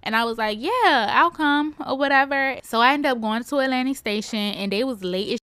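A young woman hosting a podcast, telling a personal story in a chatty, slangy, animated way. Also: a little high, quick pace, smooth, no echo. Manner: chatty, animated, slangy, talks straight to listeners. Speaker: podcast host. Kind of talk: casual confessional storytelling.

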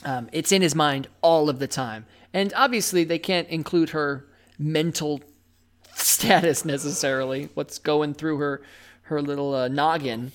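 A woman's voice: deep voice, measured pace. A woman co-hosting a podcast in casual chat, chatty and self-deprecating, laughing often. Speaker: podcast co-host.

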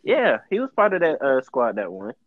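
A man's voice: mid-range voice, normal speed, dry recording, narrow, tinny audio. A man in casual sports chat, telling stories with lots of laughter and acted-out quotes. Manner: animated storyteller, laughs often, acts out quotes.

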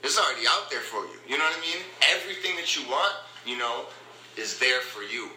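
A man's voice: mid-range voice, animated, a little fast, bright, forceful tone, roomy sound, a little hiss or hum, rough recording. A man hosting a motivational podcast, talking in an upbeat, rambling way and repeating his phrases. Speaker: podcast host. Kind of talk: casual motivational talk.

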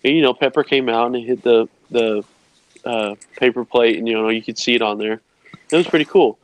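A man's voice: mid-range voice, brisk, dry recording, rough recording. A young man co-hosting a podcast, explaining something step by step in a friendly, casual way. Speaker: podcast co-host. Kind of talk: casual chat.

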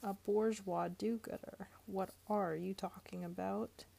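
A proud, sharp-tongued young woman from a storybook, stung and quick to hit back, voiced by a woman reader. Her tone is dark, husky and gravelly. The pitch barely moves. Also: steady tone, full character voice. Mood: indignant.

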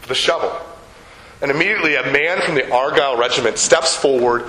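An older man preaching a sermon. He tells a story, slows down on key words and puts questions to the congregation. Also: medium pitch, bright, forceful tone, reverberant, a little hiss or hum, rough recording. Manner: storytelling, slows down for emphasis, asks the audience questions. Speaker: pastor.

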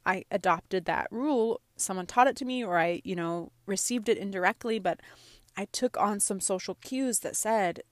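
A woman's voice: medium pitch, moderate pace, dry recording. A woman in her thirties talking casually about emotions and self-care, using lots of "like" and "right?". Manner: conversational, frequent "like" and "right?". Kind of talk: casual self-help talk.

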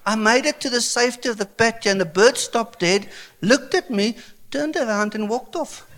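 A South African man in his fifties, an Afrikaans speaker, preaching a sermon with animated, comic storytelling. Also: extremely high pitch, unhurried, long pauses, a little hiss or hum. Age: 50s. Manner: animated, comic storytelling with sudden bursts of excitement. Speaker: pastor.

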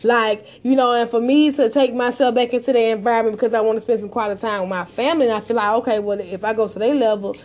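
A woman hosting a live audio show, telling a story casually, profane and animated, acting out the dialogue. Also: a little high, fast talker, hardly any pauses.

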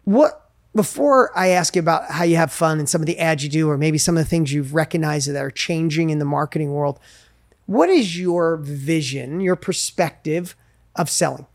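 A man's voice: a little high, moderate pace, dry recording, clean studio sound. A man hosting a podcast in casual conversation, telling stories and acting out what people said. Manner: animated storyteller, acts out quotes. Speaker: podcast host.

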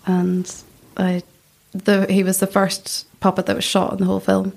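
A young woman from Northern Ireland with a Northern Irish accent, speaking softly and shyly as a guest in a casual interview, laughing often. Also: medium pitch, monotone, normal speed, gravelly. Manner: soft-spoken, shy, laughs often. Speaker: guest puppet-maker.

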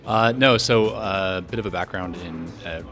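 An American-raised man, a mining company executive, explaining his business in a podcast interview with a measured manner and many fillers. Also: low voice, music in the background. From United States. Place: Australia.

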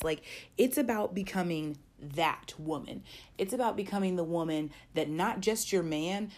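A woman's voice: lowish voice, a little mellow. A young adult woman hosting a casual faith podcast, talking in a chatty, encouraging way with lots of fillers and some playful scolding. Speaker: podcast host.

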